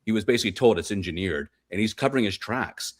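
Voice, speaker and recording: Guy on a podcast, lowish voice, rattles off his points fast and hammers them home. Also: expressive. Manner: insistent, emphatic explainer. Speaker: guest researcher. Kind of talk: fast podcast interview talk.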